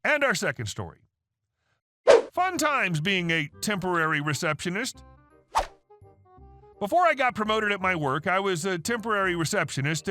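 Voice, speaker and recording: A man reading online stories aloud in a wry, sarcastic storytelling manner. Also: high-pitched. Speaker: story narrator.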